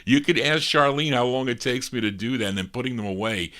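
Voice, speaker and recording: A man's voice: mid-range voice, steady tone, brisk, a bit bright. A middle-aged man hosting a record show, chatting casually between songs and piling on details about labels, dates and requests. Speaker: radio-style record show host.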